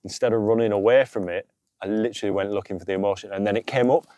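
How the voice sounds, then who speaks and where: By a campfire outdoors, a man co-hosting a laid-back spiritual podcast talks earnestly about emotional healing, cursing often and dropping in "you know." His voice is lowish and mellow with a steady tone, but he races along, and the recording is dry.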